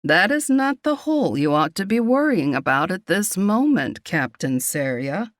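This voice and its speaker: A woman voicing a grumbling, dry-witted old woman healer in a storybook romance, speaking slowly and wryly. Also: fairly low pitch, big pitch swings, no room sound. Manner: slow, wry and grumbling.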